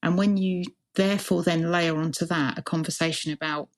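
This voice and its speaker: A woman's voice: lowish voice, fairly even intonation, a little fast. A woman who is a hospital chief information officer, answering interview questions in an earnest, reflective way and building her points as lists.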